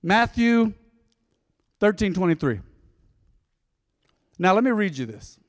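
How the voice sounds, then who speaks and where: Middle-aged male pastor, folksy sermon delivery with acted-out quotes, high voice, reverberant church hall. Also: very animated, takes it slowly. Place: church sanctuary.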